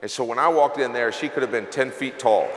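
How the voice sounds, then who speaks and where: The speaker is a middle-aged man, a company CEO, giving a heartfelt, confessional motivational speech full of emotional storytelling from a stage in a large event hall. His medium-pitched voice moves briskly, some chatter can be heard behind him, and the hall's long reverb makes it echoey.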